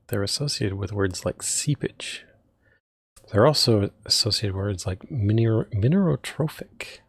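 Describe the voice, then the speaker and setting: Male let's-player, casual wry commentary, unhurried, close dry mic. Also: on the low side, animated, vocal fry, a bit bright, slightly rough, no echo. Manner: dry, wry, hesitant with many ums. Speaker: gamer playing a retro adventure game.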